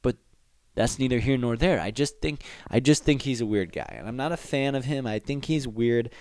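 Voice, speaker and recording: A man's voice: medium pitch, normal speed, no room sound. A young man in a casual comedic rant, rambling and profane, spoken close to the mic. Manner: profane, rambling, animated riffing.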